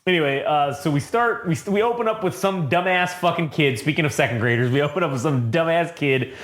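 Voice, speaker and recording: A young man co-hosting a comic book podcast, talking casually and excitedly, swearing a lot and acting out the lines. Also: a little high, brisk. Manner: profane, excitable, acts out quotes. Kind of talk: casual comic review chat.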